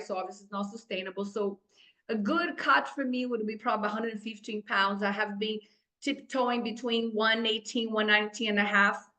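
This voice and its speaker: Animated female fitness coach, roomy sound. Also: on the high side. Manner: animated, talks to the group with frequent "right?" check-ins. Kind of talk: group coaching call.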